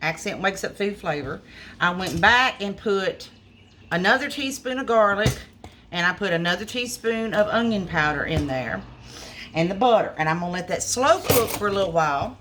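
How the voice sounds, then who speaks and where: Woman cook, homey chatty vlog on a phone, mid pitch, faint noise. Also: animated, moderate pace. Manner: homey, chatty, addresses viewers as y'all. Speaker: small restaurant cook. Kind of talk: casual cooking video. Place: restaurant kitchen. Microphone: phone camera.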